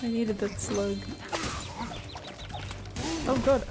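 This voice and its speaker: A woman's voice: medium pitch, fairly even intonation, very slow. A woman streamer chatting casually and laughing as she plays a video game. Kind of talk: casual gameplay commentary. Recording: game music behind.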